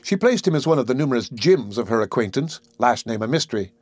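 A man reads a story aloud in an expressive, scripted style. His voice sits mid-range but moves freely up and down. The recording is close and dry. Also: mid-range voice, fast, no room sound. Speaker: narrator. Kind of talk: scripted narration.

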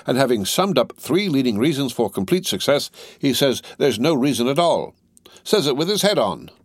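A man voicing a pompous, blustering barrister who talks in a loud, indignant, hectoring way. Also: mid-range voice, sing-song, moderate pace, no echo, clean studio sound, voice pushed up. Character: blustering, pompous male barrister, self-assured.

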